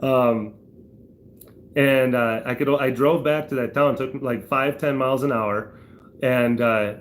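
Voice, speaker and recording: A man's voice: mid-range voice, fairly even intonation, slow, a little hiss or hum. A man livestreaming, telling a rambling anecdote full of fillers and restarts while chatting to his viewers. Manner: laughs through the story, voice jumps up for retold outbursts. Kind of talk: casual storytelling while reading chat.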